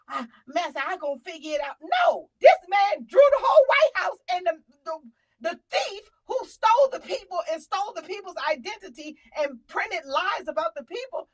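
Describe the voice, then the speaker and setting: A middle-aged woman hosting a casual talk show, animated and preachy, now and then shouting out names. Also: very high voice, poor audio. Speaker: show host.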